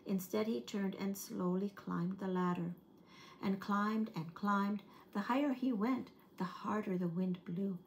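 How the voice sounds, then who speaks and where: A woman reads a children's picture book aloud for an early-years program. Her reading is gentle and expressive, and her pitch sits at an ordinary middle. A faint hiss runs under the recording. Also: a little slow, gravelly.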